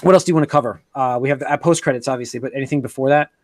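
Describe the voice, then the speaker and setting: A man hosting a podcast, recapping a movie in a rambling, casual way with many pauses and restarts. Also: mid-range voice, slight background noise. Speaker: podcast host.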